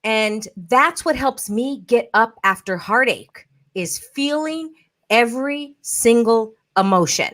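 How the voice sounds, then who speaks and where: A woman hosting a podcast in a lively chat, acting out quoted voices as she talks. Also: on the high side, slow. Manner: animated, acts out quoted voices. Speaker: podcast host. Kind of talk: casual podcast conversation.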